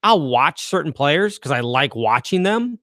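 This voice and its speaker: A man's voice: a little high, very animated, unhurried, a bit bright, no echo, studio quality. A man chatting on a podcast, giving blunt, wry opinions in a casual way. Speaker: podcast co-host. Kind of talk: casual chat.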